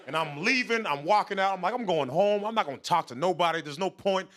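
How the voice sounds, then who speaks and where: High, bright-voiced male stand-up comic. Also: fairly quick, few pauses. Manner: animated, voice jumps high for punchlines. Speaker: stand-up comedian. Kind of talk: stand-up storytelling. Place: large TV studio stage with audience.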